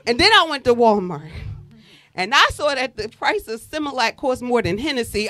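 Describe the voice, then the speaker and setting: A woman in her forties doing a stand-up comedy set, telling animated stories and breaking into loud exclamations. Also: fairly high pitch, moderate pace, dry recording. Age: 40s.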